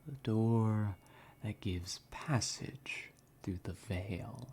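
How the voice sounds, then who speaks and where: A man voicing an ominous unseen male figure in a breathy whisper, slow and drawn out, as whispered role-play. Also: lowish voice, steady tone, darkish tone, slight background noise.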